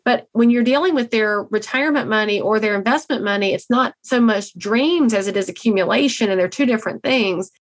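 A woman's voice: on the high side, fairly quick, few pauses. A middle-aged woman with a Southern US accent, a guest on an interview show, telling blunt, folksy stories with self-deprecating humor. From American South. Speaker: guest, real estate CEO. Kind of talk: conversational interview storytelling.

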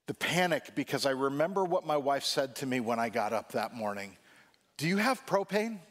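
A man preaching a sermon. He tells a comic personal story with animated delivery, acting out the dialogue, then slows and drops his voice for the serious points. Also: mid-range voice. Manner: acts out quoted dialogue. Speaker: pastor.

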